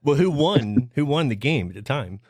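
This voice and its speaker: A man hosts with a bouncy, lively delivery, his voice rising and falling freely. He laughs easily, and the sound is close and dry. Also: mid-range voice, moderate pace, no room sound, faint music behind. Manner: upbeat, laughs often. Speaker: podcast host. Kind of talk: casual podcast chat.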